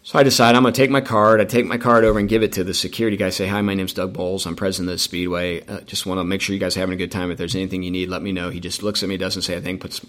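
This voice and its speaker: Fast-talking low-voiced man telling stories. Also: level tone, fairly bright tone. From Indiana, United States. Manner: rambling, many restarts and fillers. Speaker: racetrack president, guest. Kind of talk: casual interview storytelling.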